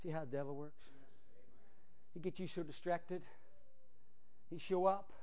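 A male pastor preaching a fiery sermon, swinging from loud cries to hushed asides. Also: on the high side, unhurried.

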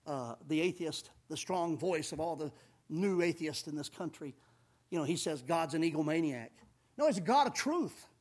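A man preaching a sermon, emphatic, swelling loud on key phrases and calling his listeners folks. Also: a little high. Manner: calls audience folks, says amen often.

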